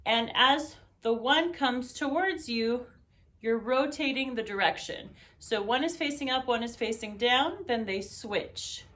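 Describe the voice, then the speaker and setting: A woman's voice: on the high side, fairly bright tone. A woman teaching a belly dance routine, counting beats aloud and humming the rhythms with syllables. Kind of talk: dance tutorial instruction. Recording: echoey room, voice picked up from a distance.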